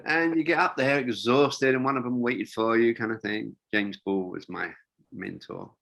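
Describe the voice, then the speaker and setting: A man's voice: medium pitch, steady tone, moderate pace, creaky, a bit bright. An older man, a wingsuit designer, telling rambling stories in a casual interview, with lots of fillers and restarts.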